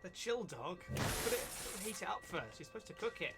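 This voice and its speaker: A man's voice: high voice, very animated, a little fast. A man streaming a video game live, chatting and laughing through rambling commentary on his play. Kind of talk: casual live-stream chat. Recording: game music under the voice.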